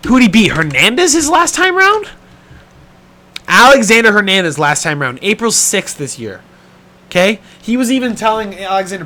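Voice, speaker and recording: A man's voice: high-pitched, big pitch swings, moderate pace, pushed and bright. A man giving casual sports betting talk in a blunt, profane, exasperated way, tired and yawning from a sore throat.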